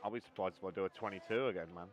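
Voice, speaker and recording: A man's voice: deep voice, very fast, slight background noise. A man streaming a co-op racing game, chatting casually, joking and swearing freely as he tells stories between laps. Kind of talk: casual gaming banter.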